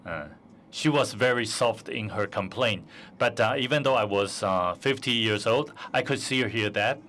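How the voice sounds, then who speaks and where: A man's voice: lowish voice, normal speed, a bit bright, a little hiss or hum. A man telling a personal anecdote on a conference stage, hesitant with many fillers, into a stage microphone. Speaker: forum speaker.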